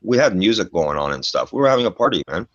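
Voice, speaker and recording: A man's voice: on the low side, very animated, quick pace, fairly bright tone, no room sound. A middle-aged man telling a story in casual chat, profane and emphatic, ending lines with "man". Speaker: storyteller guest. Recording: dull lo-fi dry recording.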